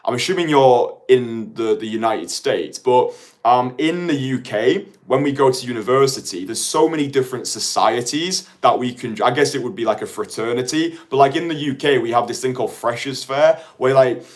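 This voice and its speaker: A man's voice: mid-range voice, moderate pace. A man in his late twenties, a dating coach talking casually to viewers in a rambling way full of "like". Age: late 20s. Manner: chatty, rambling, heavy use of "like".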